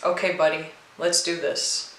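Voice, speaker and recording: A woman voicing a guilt-ridden, withdrawn female Navy veteran in a storybook reading. She speaks in a quiet, halting, apologetic way. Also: deep voice, level tone, reverberant, slight background noise, low-quality recording. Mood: grieving.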